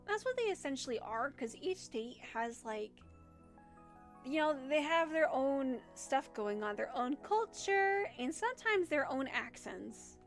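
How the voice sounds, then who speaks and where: A young woman with a Midwestern accent chats with her stream in a high, bright voice. She rambles and giggles between thoughts, answering comments as they come in, with faint music playing underneath. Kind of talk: casual livestream chat.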